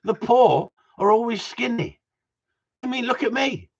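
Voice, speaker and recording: A man's voice: very high voice, lively intonation, a little slow, gravelly, slightly rough, lo-fi sound. A man, from Wigan, chatting on a livestream, joking, swearing and rambling at his viewers. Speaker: gundog trainer. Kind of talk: casual livestream chat.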